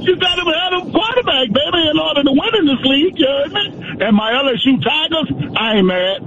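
High-voiced caller on a noisy phone line. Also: male voice, fairly quick. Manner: animated, slangy, keeps saying baby. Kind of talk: casual sports call-in chat.

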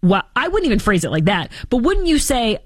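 A woman's voice: on the high side, very animated, fairly quick, dry recording. A woman hosting a radio talk show, chatting on air with sarcastic, mock-dramatic asides. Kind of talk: casual on-air chat.

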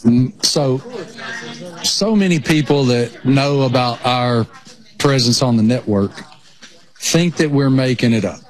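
A man's voice: medium pitch, a little slow. A man with a rural Appalachian Southern accent, chatting casually as a sports broadcaster over a remote connection. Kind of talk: casual chat. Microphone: remote connection over satellite internet.

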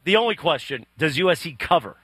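A man's voice: fairly high pitch, very animated, fast, a bit bright, breathy edge, dry recording. A man hosting a sports radio show, steering the talk toward the next segment. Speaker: radio host.

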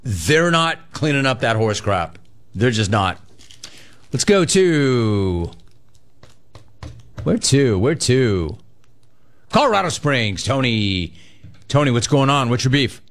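A man hosting a call-in radio show, telling a story with lively, joking delivery and acting out the voices in it. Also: mid-range voice, slow, pauses often.

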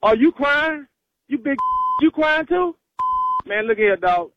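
A man's voice: extremely high pitch, expressive, slow, sharp tone. A man on a phone call, laughing and dismissive as he argues back. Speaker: prank call target. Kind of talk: phone argument. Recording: lo-fi phone line.

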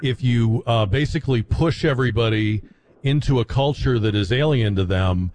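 A man's voice: medium pitch, a little mellow, slight background noise. A male radio talk host speaks in a dry, sardonic way. He sounds at ease in the studio and often interrupts callers to argue his own point. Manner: wry, quick to interject, sardonic.

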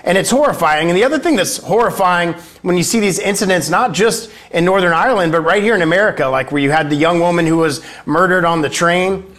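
A male congressman speaking as a guest in a political interview. His voice sits slightly high, and he delivers emphatic talking points, often pausing on "uh". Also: a bit bright.

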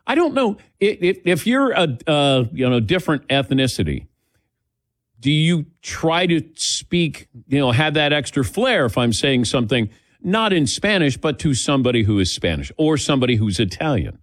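A man's voice: fairly high pitch, very animated, moderate pace, no echo, studio quality. Rambling male sports talk host. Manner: rambling, self-correcting. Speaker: radio talk show host. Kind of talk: casual sports talk chat.

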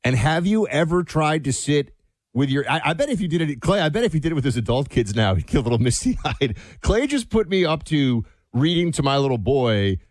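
A man's voice: a little high, big pitch swings, fairly quick, dry recording, studio quality. A man co-hosting a talk show, playful and sentimental in a casual, chatty way. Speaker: co-host.

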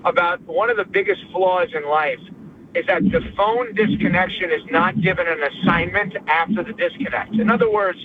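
High-voiced man on a tinny phone line. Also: normal speed. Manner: emphatic and opinionated. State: driving. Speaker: caller. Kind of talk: casual sports talk by phone. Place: car. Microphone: cell phone. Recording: tinny phone line with faint road noise.

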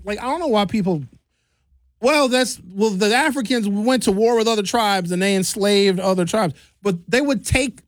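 A man from Milwaukee hosting a radio show, rambling and joking in casual studio chat. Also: no room sound. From Milwaukee, United States. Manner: rambling, joking, swings pitch for effect.

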